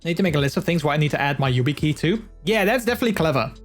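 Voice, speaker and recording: A man's voice: on the high side, lively intonation, rapid-fire, faint music behind. Chatty man streaming. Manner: chatty, laughs often, many fillers. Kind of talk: casual live-stream chat.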